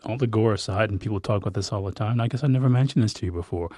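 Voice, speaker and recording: A man interviewing a film director, asking long, halting questions. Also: fairly low pitch, warm tone, no echo, clean studio sound. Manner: halting, rambling questions with restarts.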